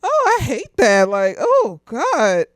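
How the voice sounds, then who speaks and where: A slightly tipsy woman gives a loose, casual review of a TV show. Her pitch leaps all over as she talks, and she laughs often and swears freely. The sound is close and dry. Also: wildly swooping pitch, slow, dry recording.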